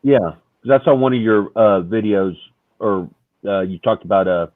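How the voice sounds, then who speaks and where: Male co-host, low voice, halting questions, dry phone-like sound. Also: no room sound.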